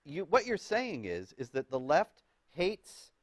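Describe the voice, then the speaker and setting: A man interviewing a guest in a political talk, asking long questions and quoting documents at a measured pace. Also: on the high side, huge pitch swings, no room sound. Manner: measured, reads quoted documents, some hesitations.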